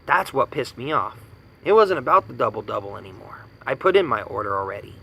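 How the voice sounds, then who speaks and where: A man's voice: mid-range voice, expressive, a little fast, creaky, bright, forceful tone, slightly rough, poor audio. A man in his thirties from the United States giving an angry personal rant, indignant and profane, hammering points with repetition. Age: 30s. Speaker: vlogger ranting.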